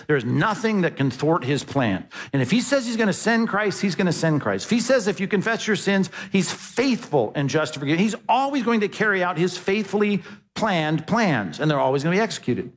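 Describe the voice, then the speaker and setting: A man's voice: fairly high pitch, a bit bright. A man preaching an expository sermon as a pastor, talking conversationally and often asking the congregation questions. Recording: long hall reverb.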